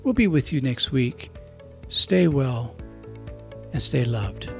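Gentle gravelly-voiced priest on radio. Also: male voice, mid-range voice, lively intonation, slow pace, music in the background. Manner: gentle, reflective, speaks directly to listeners. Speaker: priest and radio show host. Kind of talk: radio homily.

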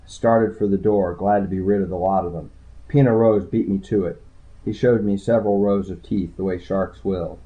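A man narrating a hardboiled crime story in the first person, with a dry, low-key delivery. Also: fairly even intonation, moderate pace. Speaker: audiobook narrator. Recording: tinny phone-like sound.

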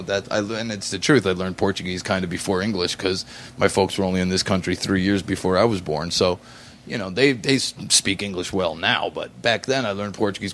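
A man's voice: deep voice, fairly bright tone, a little hiss or hum. A man in his forties telling a story in casual chat, rambling with fillers and restarts. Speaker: podcast guest.

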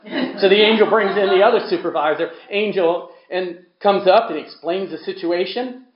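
Emphatic preacher in an echoey hall. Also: male voice, high voice, normal speed, highs cut off. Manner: emphatic, swings from quiet to loud. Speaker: pastor. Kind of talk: sermon.

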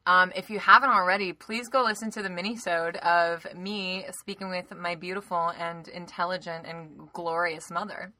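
A woman's voice: lowish voice, fairly even intonation, moderate pace, hardly any pauses, sharp tone. A woman from the American South co-hosting a podcast, chatting casually with playful, jokey banter. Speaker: podcast co-host. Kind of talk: casual chat.

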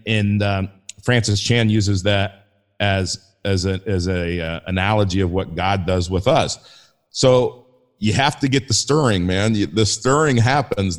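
A man with a fairly low voice talks as a podcast guest in a casual faith conversation. He comes across as enthusiastic and rambling, often restarting his sentences.

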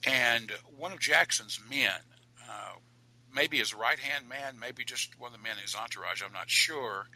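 A man, an author and guest, telling a ghost story in an animated, dramatic way. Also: medium pitch, moderate pace, rough recording.

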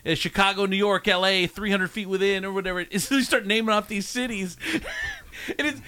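A man's voice: high voice, fairly even intonation, a little fast, pushed and bright, slight background noise. A man hosting a radio show, chatting casually and telling rambling stories with lots of giggles. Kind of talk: casual on-air chat.

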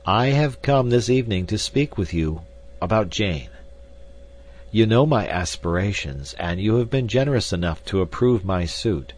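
A man reading an audiobook, voicing an earnest, insistent male suitor who speaks deliberately. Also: lowish voice, animated, darkish tone, pitched above the performer's own voice.

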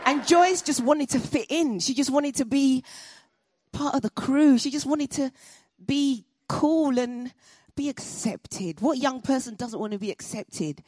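A woman tells a personal story on stage in an animated, comic way, her voice moving between high and low. Her tone is husky, and the sound is dry and close. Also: a little slow, no echo. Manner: animated, comic, laughing asides.

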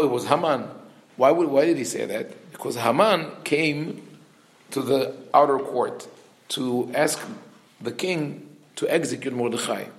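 A man giving an animated teaching talk. He often restarts and corrects himself mid-sentence, and he acts out the quotes he reads. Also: mid-range voice. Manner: frequent restarts and self-corrections. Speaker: religious teacher. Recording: roomy echo.

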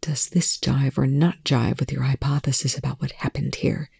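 A reader voicing a calm, commanding male officer who speaks quietly and slowly. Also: creaky, breathy edge, dry recording, full character voice. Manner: quiet, low and slow.

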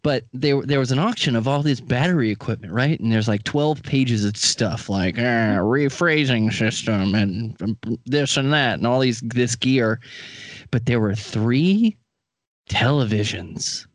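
A man with a mid-pitched voice rambles through his stories in casual chat, amused at himself and slipping into comic quoted voices. The sound is dry and close, with no room echo. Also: animated, unhurried.

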